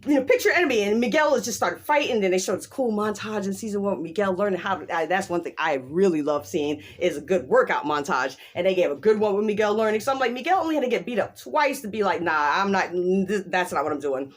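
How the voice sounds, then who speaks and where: A woman talking casually through a show recap, with a mid-range voice. She is animated and emphatic, slipping into quick quoted voices and laughing often. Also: medium pitch. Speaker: show reviewer.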